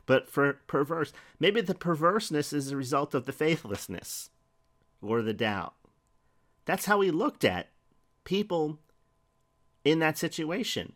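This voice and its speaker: Speaking in a slightly bright, mid-range voice, this middle-aged preacher keeps his sermon conversational, reading passages of scripture aloud and asking rhetorical questions.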